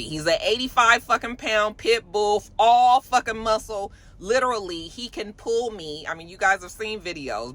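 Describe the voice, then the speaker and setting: A woman hosting a casual commentary show, talking in an animated, profane way that swings from low mutters to loud high exclamations. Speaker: host.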